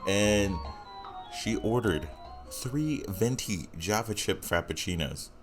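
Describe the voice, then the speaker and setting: Low-voiced rambling young podcast host. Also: male voice, lively intonation, slow, soft background music. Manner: rambling, self-deprecating, filler-heavy. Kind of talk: casual solo podcast intro.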